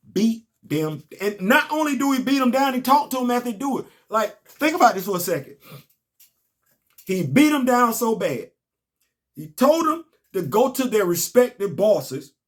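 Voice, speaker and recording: A man, casually recapping a comic book and telling stories on his podcast. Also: sits high. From Southern US. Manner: animated, storytelling, rising to emphatic outbursts.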